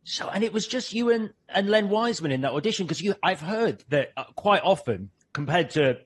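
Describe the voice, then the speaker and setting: A man's voice: sits high, lively intonation, brisk, slight background noise. A man interviewing a guest, asking long, rambling questions in a casual chat. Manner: rambling, restarts his questions.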